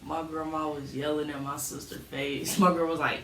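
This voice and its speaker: A woman co-hosting a casual late-night chat, joking in an animated, slangy way about growing up. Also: sits low, normal speed, distant mic. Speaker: podcast co-host. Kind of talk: casual chat while smoking. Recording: echoey room, off-mic, faint noise.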